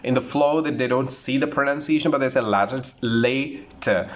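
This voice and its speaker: A man's voice: medium pitch, level tone. Earnest man teaching pronunciation. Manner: earnest, repetitive, slows down to model words. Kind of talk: online pronunciation lesson.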